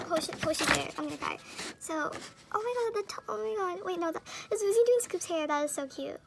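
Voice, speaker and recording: A woman's voice: very high-pitched, brisk, creaky, background noise. A woman chatting casually through an unboxing, gushing with frequent gasps and squeals. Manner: gushing, gasping and squealing often. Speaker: unboxing vlogger. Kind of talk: excited casual unboxing chat.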